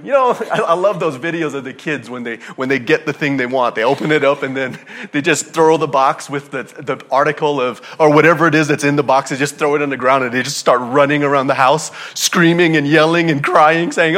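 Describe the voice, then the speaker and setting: A man preaching a sermon as pastor, conversational and animated, dropping to soft asides and climbing to loud emphatic peaks. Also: fairly high pitch, brisk. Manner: conversational, with fillers and repeated phrases.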